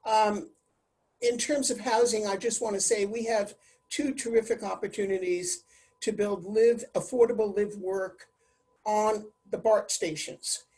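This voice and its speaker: A woman with a husky, breathy voice answers as a council candidate. She speaks haltingly with many fillers over a video call. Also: mid-range voice, fairly even intonation, warm tone. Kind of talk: virtual forum answer.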